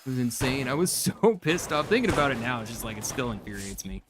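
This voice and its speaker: A man's voice: medium pitch, big pitch swings, quick pace, noisy background. A young man streaming a game, chatting casually and venting in a rambling, frustrated way with lots of fillers. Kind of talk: casual live-stream chat while gaming.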